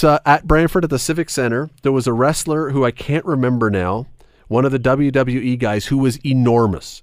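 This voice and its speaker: A man's voice: mid-range voice, no echo, studio quality. A man hosting a podcast, telling anecdotes in casual chat and laughing often. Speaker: podcast host.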